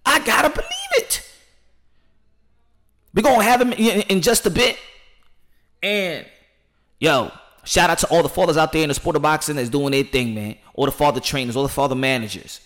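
A man hosting a boxing channel, talking excitably and loudly with lots of slang and repetition before an interview. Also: a little high, brisk. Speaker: boxing show host. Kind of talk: hyped-up channel talk and interview.

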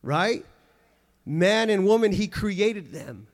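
A man's voice: high voice, expressive, slow pace. A man preaching a sermon in church, earnest and emphatic, often restarting and repeating phrases.

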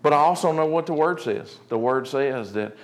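A man preaching a sermon, swinging between joking asides and quiet, earnest points. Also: fairly high pitch, normal speed. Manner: animated preaching, jokey asides, drops to quiet earnest tones. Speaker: pastor.

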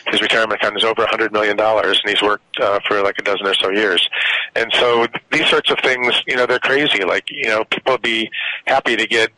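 Male radio guest, low-pitched, earnest explainer, dry close sound. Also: steady tone, fast, sharp tone, no echo, rough recording. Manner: earnest, explanatory, many fillers. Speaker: policy researcher guest. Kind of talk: radio interview.

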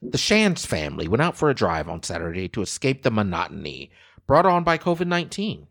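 Male host, forties, lively low voice, dry close sound, exclaims and jokes to viewers. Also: a little fast, vocal fry, no room sound. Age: 40s. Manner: animated, exclaiming, addressing viewers as guys. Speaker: show host. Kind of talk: casual news-story banter.

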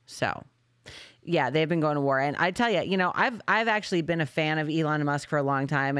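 Brief: smooth, crisp podcast host, sarcastic and animated, dry sound. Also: medium pitch, fairly quick, dry recording. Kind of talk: casual chat.

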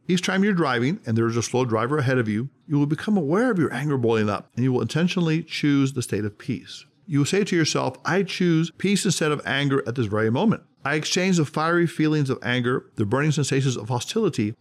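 Man, self-help podcast host, scripted narration, emphatic, lively pitch. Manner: emphatic, measured, slows on key words.

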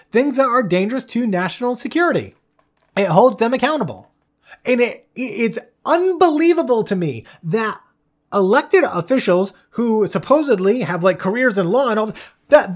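Us podcast host going off on a solo rant, heated, swearing, tripping over restarts. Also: mid-range voice. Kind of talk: solo political commentary rant.

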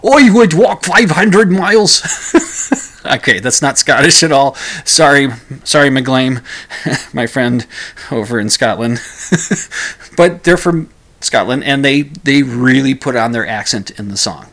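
A man hosts a solo podcast in a relaxed, conversational way. He hesitates a lot, trips over his words and starts sentences again, with a voice pitched in the middle of the usual male range. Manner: halting, with many restarts and repeated words. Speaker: podcast host. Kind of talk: casual solo podcast talk.

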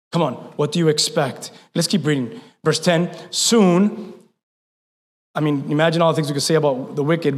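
Male pastor, high and bright-toned, lively emphatic preaching, reverberant church hall. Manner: animated preaching, swings from loud emphatic to hushed. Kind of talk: sermon.

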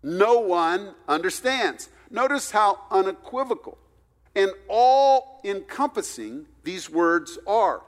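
A man preaching a sermon, swinging between loud, stressed points and hushed, quiet asides. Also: high voice, big pitch swings, unhurried. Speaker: pastor. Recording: reverberant hall recording.

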